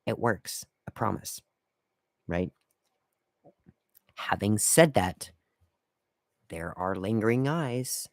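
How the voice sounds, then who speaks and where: A man's voice: fairly low pitch, animated, takes it slowly, pauses often, no echo, clean studio sound. A man hosting a casual solo podcast, laying out etiquette rules in a wry, lecturing way. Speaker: podcast host.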